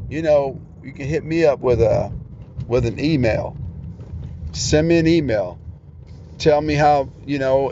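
A man preaching a podcast sermon in an earnest, plain-spoken way. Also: a little high. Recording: dull lo-fi sound, faint outdoor traffic noise.

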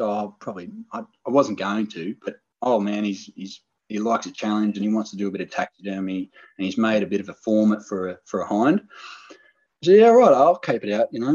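Excitable man telling a story. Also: lowish voice, slightly rough, dull audio. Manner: animated, excited storyteller, acts out quoted lines. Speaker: podcast guest telling a hunting story. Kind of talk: casual storytelling chat.

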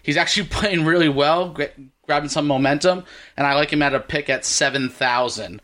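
A man co-hosts a casual golf betting podcast, running through his picks and wrapping up the episode in an upbeat way. His voice is a little high, brisk, pushed and bright, with slight background noise.

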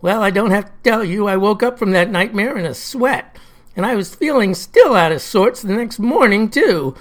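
A woman tells a comic first-person story in a folksy, old-fashioned way. Her phrasing is drawling and down-home. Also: medium pitch. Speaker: narrator.

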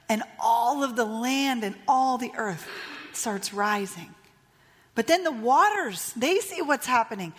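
A woman pastor in her thirties preaches with a high, bright-pitched voice, spinning a story and voicing its characters. Her words ring out with the long reverb of a church hall. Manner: storytelling, retelling a tale with voiced lines. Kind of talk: sermon.

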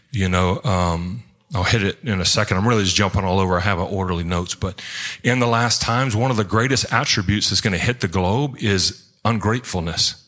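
A male pastor preaching a sermon in church, in an animated, rambling way, acting out quotes as he jumps between points. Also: sits low.

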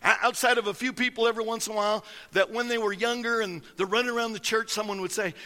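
A man's voice: sits high, fairly even intonation, fast, hardly any pauses, sharp tone, long reverb tail. A man preaching a sermon as pastor, folksy and emphatic, telling stories to his congregation.

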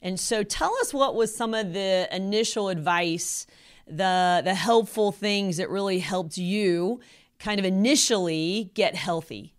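A woman interviewer who asks her guest a question in a gentle, halting way. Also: mid-range voice.

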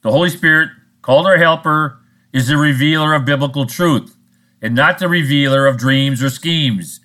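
Blunt, bright-voiced male preacher. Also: fairly high pitch, normal speed. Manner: blunt, scolding, sarcastic. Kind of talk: recorded sermon monologue.

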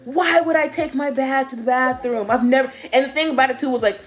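Her voice sits high and her delivery is brisk as this young woman casually relays a story. She laughs and performs people's words with animation.

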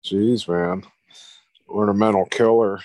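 A man's voice: on the low side, steady tone, slow, a little mellow, a little hiss or hum, poor audio. A man listening in casual chat, chiming in with short comments and laughing along.

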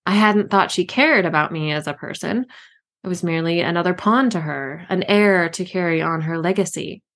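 A woman reading her own novel aloud in a steady, measured first-person narration. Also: on the low side. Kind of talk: audiobook narration.

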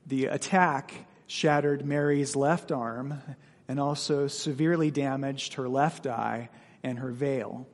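A man's voice: mid-range voice, measured pace. A male pastor reading scripture aloud and explaining it in a plain, conversational way during a sermon. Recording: long hall reverb.

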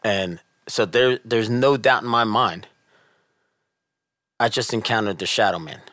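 A middle-aged man telling a personal story in casual chat, animated and earnest, dropping softer at tense moments. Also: lowish voice, a little slow, no echo, studio quality.

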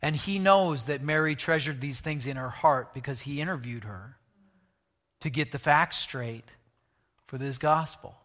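A man preaching a sermon, animated, asking the congregation questions and moving between loud and hushed delivery. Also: a little high, a little slow, in a large hall. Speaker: pastor.

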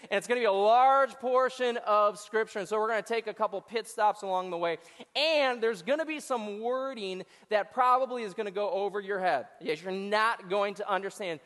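A man's voice: high voice, fairly bright tone, big-room sound. A male associate pastor giving a joking, crowd-engaging sermon to a large church audience. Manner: joking, talks back to the crowd. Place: church auditorium before hundreds of people.

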